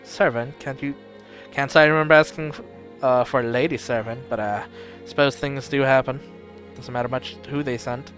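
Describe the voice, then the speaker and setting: A man's voice: medium pitch, fairly even intonation, normal speed, fairly bright tone, soft background music, natural voice. A man voicing a blustery, barking retired old nobleman who swears often. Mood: gruff. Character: gruff loud old male noble, retired.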